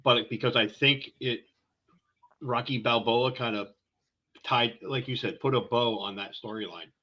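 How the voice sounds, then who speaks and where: A man's voice: medium pitch, unhurried, bright, forceful tone, low-quality recording. A man co-hosting a casual podcast, rambling loosely and swearing freely. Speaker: podcast co-host. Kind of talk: casual chat.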